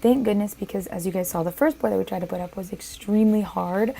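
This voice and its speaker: A woman's voice: mid-range voice, quick pace, creaky, dark tone, slight background noise. A young woman narrating her building project in a bubbly, enthusiastic vlog style. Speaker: vlogger.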